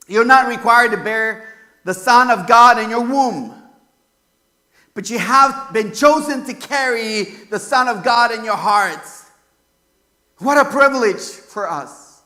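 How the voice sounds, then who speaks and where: California pastor guy, really high bright voice, chatty sermon, lots of "you know" and "right?". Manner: conversational preaching, many fillers and rhetorical questions.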